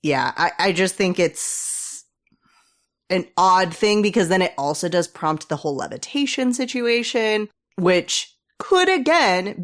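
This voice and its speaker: A woman co-hosting a podcast speaks slowly and works through her ideas as she goes. She sounds musing and a little hesitant, with a lively, wide-ranging pitch and a fairly low voice. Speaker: podcast co-host. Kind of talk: casual chat.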